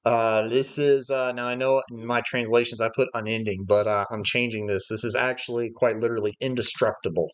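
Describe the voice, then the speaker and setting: A man's voice: medium pitch, fairly even intonation, brisk, hardly any pauses. A man leading a livestreamed Bible study lesson, explaining Greek words step by step and thinking aloud with frequent "uh" fillers. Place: church livestream.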